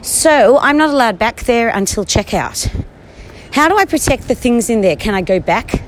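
A woman's voice: on the high side, animated, normal speed, a little hiss or hum. A shaken, anxious woman rambling through a live stream while walking outdoors on a street, talking into a handheld phone. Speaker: livestreamer.

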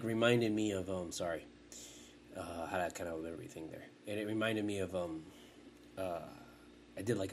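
With a low voice and slight background noise, a podcast host in his forties talks in a loose, rambling way. He's profane and keeps interrupting his own thoughts.

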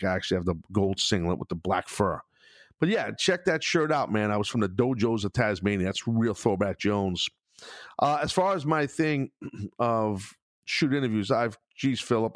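A man's voice: fairly low pitch, no echo, clean studio sound. A middle-aged man hosting a podcast in blunt, profane, casual chat. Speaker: podcast host.

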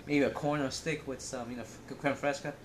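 A man's voice: mid-range voice, fairly even intonation, brisk, slight background noise. A man co-hosting a casual podcast chat, joking and rambling, often laughing. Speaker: podcast co-host.

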